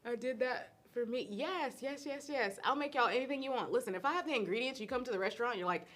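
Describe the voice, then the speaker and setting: A woman's voice: a little high, quick pace, fairly bright tone. Chatty woman, laughing often. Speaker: host and cook answering viewer questions. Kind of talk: casual live-stream chat.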